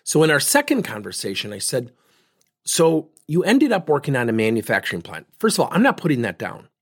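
A man's voice: mid-range voice, huge pitch swings, fairly quick, breathy edge. A man giving a talk, telling a story and acting out both sides of a conversation. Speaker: speaker on leadership and feedback.

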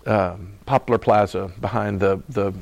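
A man's voice: lowish voice, steady tone, measured pace, vocal fry, a little mellow. A man preaching a sermon in a conversational style, acting out quoted voices and laughing as he goes. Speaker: pastor.

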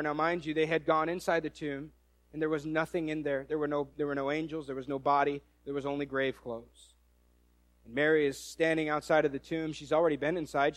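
A man's voice: a little high, no echo. A male preacher giving a sermon, telling the story animatedly and acting out quoted voices, with frequent restarts.

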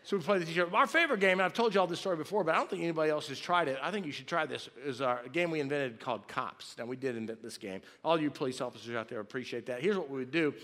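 A man in his fifties tells funny stories from the pulpit, with a bright, forceful voice a bit higher than most men's. He jokes and breaks into loud acted shouts. The sound carries a long reverb from a large hall. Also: racing, hardly any pauses. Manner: lively, joking, acts out loud shouts. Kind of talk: storytelling sermon.

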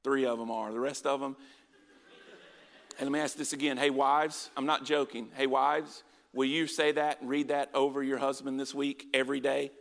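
A man's voice: medium pitch, flat delivery, moderate pace, creaky, fairly bright tone. A man preaching a sermon to a congregation, emphatic and urging them to respond. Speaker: pastor. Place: large hall with congregation. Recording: live hall reverb.

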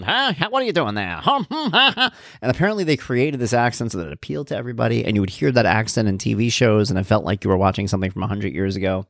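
A man's voice: mid-range voice, no room sound, studio quality. A man talking casually about TV shows, chatty and wry, drifting from one tangent to the next. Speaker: vlogger and father. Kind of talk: casual rambling chat.

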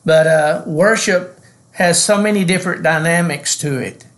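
A man's voice: on the high side, a bit bright. Earnest man preaching on a podcast. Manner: earnest, preacherly, drawn-out emphasis. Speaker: pastor and podcast co-host. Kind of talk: casual ministry podcast teaching.

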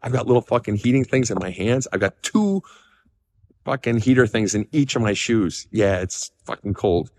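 A man's voice: on the low side, fairly quick, few pauses, no echo, long reverb tail. Blunt, swearing middle-aged male counselor outdoors. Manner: blunt, swears freely, emphatic; jumping up and down from cold and excitement. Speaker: counselor answering listener questions. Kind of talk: casual advice talk. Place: outdoors in the cold.

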